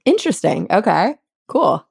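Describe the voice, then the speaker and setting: A woman's voice: medium pitch, big pitch swings, moderate pace, gravelly, breathy edge, no room sound, studio quality. A woman from Texas hosting a casual podcast interview, upbeat and laughing often. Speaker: podcast host.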